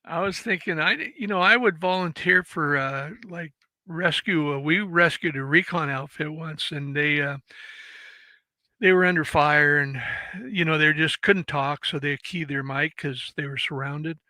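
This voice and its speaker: A man's voice: on the high side, measured pace, pushed and bright, no echo, poor audio. A man in his seventies, a former Marine, telling war stories in a casual interview with laughs and swearing. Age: 70s. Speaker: guest, former Marine and actor.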